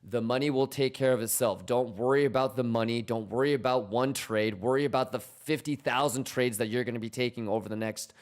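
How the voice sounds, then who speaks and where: A man's voice: mid-range voice, fairly quick, few pauses. A man streaming live, chatting casually with viewers about crypto trades in a hyped, profane, teasing manner, repeating questions to the chat.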